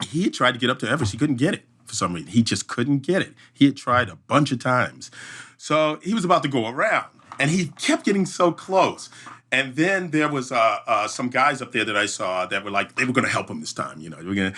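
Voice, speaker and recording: Bright-voiced man telling a lively story. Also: mid-range voice, moderate pace. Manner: vivid storyteller who acts out voices and sound effects. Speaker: obstacle race emcee, podcast guest. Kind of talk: animated storytelling in a podcast interview.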